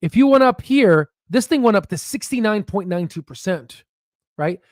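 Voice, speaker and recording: A man hosting a stock market livestream, talking in excited bursts, laughing often and checking in with "right?". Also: high-pitched, moderate pace, dry recording, clean studio sound. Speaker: stock market channel host. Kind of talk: excited casual livestream commentary.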